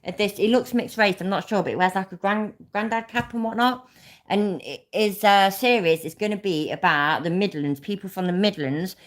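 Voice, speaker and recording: A woman's voice: medium pitch, normal speed. A woman with a Leicester accent, a YouTube host talking bluntly and swearing freely in a casual livestream chat. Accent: Leicester English.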